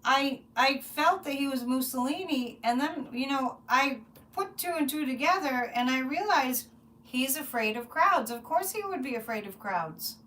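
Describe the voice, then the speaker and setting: A woman hosting a psychic livestream, chatting casually and rambling, with frequent restarts and animated asides. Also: sits high, normal speed, recorded from a distance. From United States.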